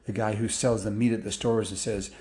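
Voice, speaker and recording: A man telling a story in a loose, casual way, with restarts and fillers, picking up excitement as the action builds. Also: lowish voice, brisk.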